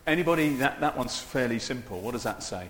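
A man's voice: mid-range voice, lively intonation, a little fast, noisy background. A man preaching an informal, humorous sermon into a microphone, chatty and self-deprecating, often turning to the congregation with asides. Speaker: preacher leading a church service. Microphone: handheld or stand microphone. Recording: echoey hall with long reverb.

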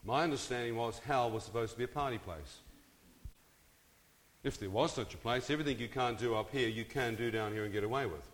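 Brisk and mid-range, a man's voice tells a testimony story in front of an audience. He invites them in with jokes and questions, his words ringing through a hall with long reverb.

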